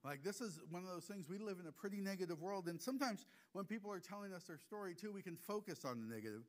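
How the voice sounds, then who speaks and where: A man with a slightly high voice preaches a conversational sermon. He is animated and acts out little dialogues, and he drops to a soft, emotional hush when he is moved. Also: fast talker. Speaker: preacher, hospice chaplain. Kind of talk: conversational sermon with personal stories. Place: church gathering.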